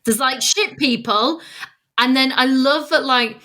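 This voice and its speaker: A woman's voice: high-pitched, measured pace, sharp tone. A woman co-hosting a podcast, chatting casually and enthusiastically, often giggling. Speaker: podcast co-host. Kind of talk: casual chat.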